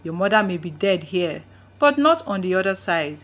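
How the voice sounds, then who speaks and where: A mysterious old man speaks softly, with soothing calm, as a woman narrator puts him on. He is a kindly elder from a told folktale. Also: fairly low pitch, normal speed, dull audio. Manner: soft, soothing.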